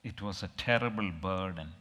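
A middle-aged man preaching, telling a personal story in a halting, emotional, reflective way. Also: deep voice, bright, forceful tone, in a large hall.

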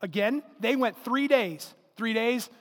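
A man's voice: extremely high pitch, animated, unhurried. A male pastor preaching a sermon in a conversational, emphatic way, full of rhetorical questions and repetition. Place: church service in a large hall. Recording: long hall reverb.

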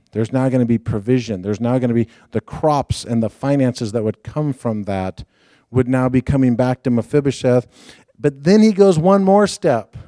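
A man's voice: on the high side, no room sound, studio quality. A middle-aged man preaching a sermon, telling stories and acting out the quotes as he goes. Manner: storytelling, animated, acts out quotes. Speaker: guest preacher.

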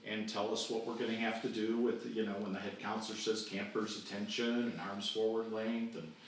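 A man's voice: lowish voice, a little fast. Older man telling camp stories, echoey and distant. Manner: animated storyteller who acts out quoted voices. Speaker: guest. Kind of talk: storytelling interview. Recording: distant echoey remote recording with faint noise.

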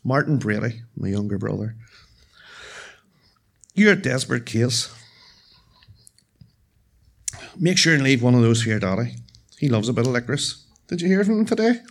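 A man's voice: mid-range voice, very animated, a little fast, vocal fry, pauses often. A man voicing his elderly mother with dementia, fussing and motherly in a raised voice. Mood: fond.

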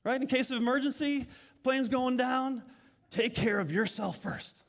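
Male pastor, middle-aged, high-pitched, conversational sermon storyteller. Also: measured pace, fairly bright tone, long reverb tail. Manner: conversational storytelling with many restarts.

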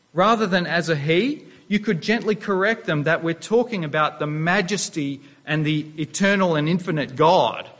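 A man preaching from the pulpit in a fairly high voice. He speaks earnestly, posing rhetorical questions to the congregation and sometimes restarting a phrase. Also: fairly bright tone. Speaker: pastor. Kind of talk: sermon.

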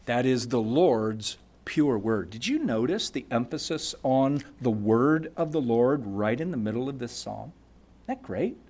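Slow, expressive male preacher. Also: medium pitch. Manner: emphatic, rhetorical questions, reads scripture aloud. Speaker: pastor. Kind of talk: sermon.

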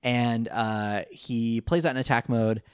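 A man's voice: mid-range voice, unhurried, smooth, no echo, studio quality. A man casually recapping a cartoon episode, rambling and acting out the characters' lines. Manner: rambling, animated retelling with put-on quotes. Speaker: podcast co-host recapping a cartoon. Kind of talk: casual chat.

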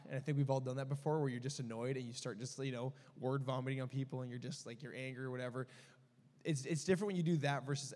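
A man's voice: medium pitch, a little mellow. A young man giving a sermon built on a personal story, speaking candidly with many fillers and restarts. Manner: candid, rambling, full of fillers. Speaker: preacher. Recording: long reverb of a hall.

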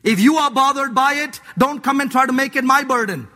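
A man preaching a sermon as a pastor, emphatic, jumping from loud urging to low asides, in a church. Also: brisk. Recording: long hall reverb.

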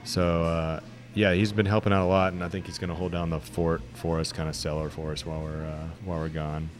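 A man's voice: low-pitched, brisk. A young man working as a brewer, chatting casually about his brewery with lots of fillers and offhand jokes. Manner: relaxed, rambling with many fillers and jokes. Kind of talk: casual chat.

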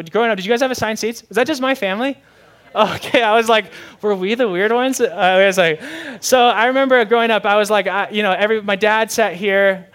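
A young man preaching a sermon in a lively, conversational way, often asking the audience questions. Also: high voice. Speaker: pastor.

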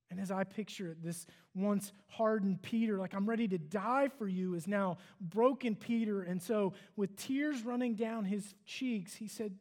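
A man's voice: high-pitched, normal speed, few pauses, a little mellow. A man giving a sermon, retelling a story in an earnest, conversational way with casual fillers. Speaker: preacher.

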